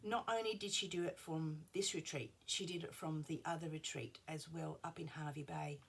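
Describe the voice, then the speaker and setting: Husky low-voiced woman chatting. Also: fairly even intonation, normal speed. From Australia. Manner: chatty, rambling, drifts into soft asides. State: slightly unwell. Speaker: craft vlogger. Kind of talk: casual show-and-tell chat. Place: at her craft table at home.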